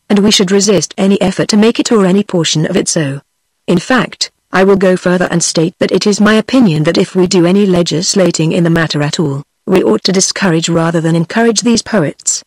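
A text-to-speech woman's voice with a British accent reading the lines of an indignant, scholarly old male sage in a plain, even delivery. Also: fairly low pitch, brisk, slightly rough, no room sound. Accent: British English.

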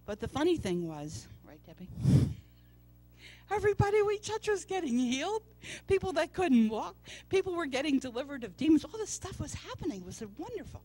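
A woman with a high, brisk, warm voice and wide pitch swings gives a testimony sermon. Preaching in a church service, she tells a personal story and acts out the voices of the people she quotes.

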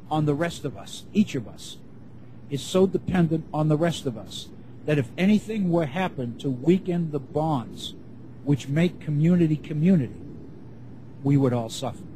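Man lecturing in a measured, restating way. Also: a little high, animated, mellow, slight background noise, rough recording. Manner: measured, restates and rephrases points as he goes. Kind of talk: classroom lecture.

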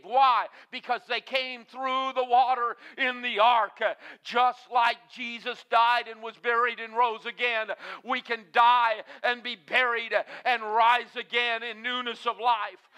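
Emphatic high-voiced male preacher. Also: sharp tone, clean tone. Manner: emphatic, with frequent "uh" fillers. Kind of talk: sermon.

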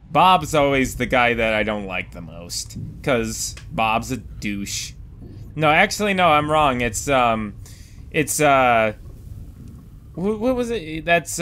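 Goofy, animated man playing a game. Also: medium pitch. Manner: goofy, rambling, exclaiming at the game. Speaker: Let's Play gamer. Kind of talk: casual gameplay commentary.

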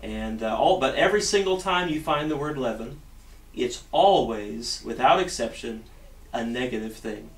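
A pastor's sermon fills a church sanctuary, delivered earnestly in a medium-pitched male voice with lively intonation at a moderate pace. He often repeats himself and restarts phrases, and the echoey room, distant mic, and faint hiss color the audio.

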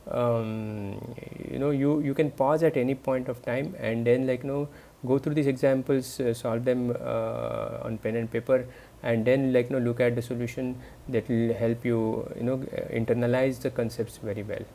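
A man's voice: medium pitch, steady tone, normal speed, gravelly, dark tone. A man giving a recorded university lecture, talking students through examples hesitantly, with many fillers and restarts. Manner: explanatory, addresses students directly.

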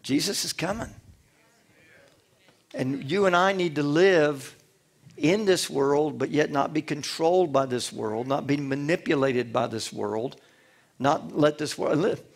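A man's voice: on the high side, a little slow, creaky. A male pastor preaching a sermon, emphatic and repetitive, with rhetorical questions and calls to the congregation.

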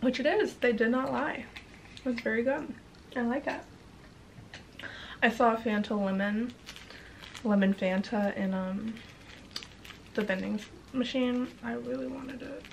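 Slow-talking chatty young woman vlogger. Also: a little high, fairly even intonation, creaky, slight background noise. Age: young adult. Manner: chatty, giggly, swears casually. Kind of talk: casual travel vlog chat.

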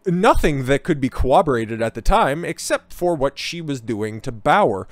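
A man's voice: mid-range voice, expressive, normal speed, hardly any pauses, dry recording. Sarcastic, profane man commenting.

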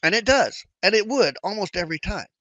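Man, fairly high bright voice, conversational trading educator, animated, dry close sound. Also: brisk, no room sound, poor audio. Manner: conversational, animated, acts out inner thoughts. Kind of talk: casual explanatory talk.

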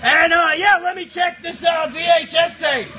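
A man's voice: very high-pitched, fairly even intonation, moderate pace, shouting, over music. A man voicing a rowdy, foul-mouthed cardboard box monster, bantering crudely with a live stream chat.

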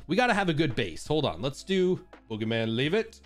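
A man's voice: on the high side, big pitch swings, a little fast, faint music behind. A man casually chatting on his live stream while playfully coaxing his dogs through a treat trick, laughing often.

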